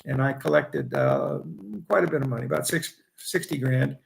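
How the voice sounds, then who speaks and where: A man's voice: mid-range voice, wildly swooping pitch, moderate pace, vocal fry, low-quality recording. A man in his eighties from Indiana, a veteran trader telling long, rambling stories and chuckling as he remembers. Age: 80s. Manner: chuckling, restarts phrases while reminiscing. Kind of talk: rambling anecdotal storytelling.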